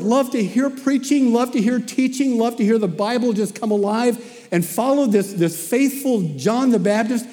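A man preaching a sermon as animated storytelling, often repeating himself as he goes. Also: very high voice, moderate pace, long reverb tail.

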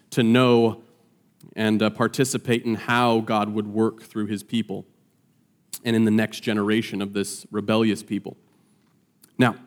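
A man preaches a sermon conversationally, acting out the voices of people he quotes with rising pitch.

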